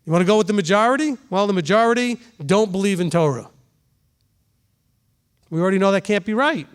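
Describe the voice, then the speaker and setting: A man with a notably high voice gives a sermon to his congregation in an easy, talking style. He stops now and then to check the room understands and throws in quick spoken examples. He sounds middle-aged and unhurried. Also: clean tone. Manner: conversational preaching, asks the room questions, voices quick examples. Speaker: rabbi teaching a congregation.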